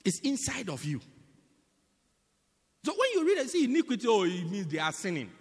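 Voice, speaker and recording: A man preaching a sermon in a teaching manner, often checking whether the congregation understands, swinging between loud bursts and quiet asides. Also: high-pitched, huge pitch swings, a little fast, husky, long reverb tail. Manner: teaching, repeatedly asking the congregation "do you get it?".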